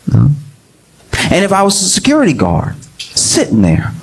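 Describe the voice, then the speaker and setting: A male stand-up comedian telling a rambling story with asides, on a live club recording with a loud audience. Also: high voice, wildly swooping pitch, moderate pace, husky.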